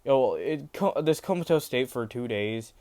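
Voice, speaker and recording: A man's voice: medium pitch, lively intonation, normal speed, a little mellow. A man casually narrating a fan-made story, rambling, with many fillers and restarts.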